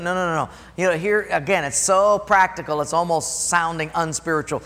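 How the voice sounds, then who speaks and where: A man preaching a sermon in a high, bright voice. He tells stories in a lively way and acts out the dialogue. His voice rings with the long reverb of a large hall. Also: a little fast, few pauses. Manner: animated storytelling, acts out dialogue. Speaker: pastor.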